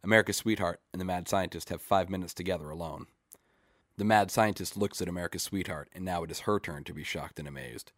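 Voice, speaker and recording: A man reading a short story aloud in a measured, deadpan way. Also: low-pitched, no echo, studio quality. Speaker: story reader.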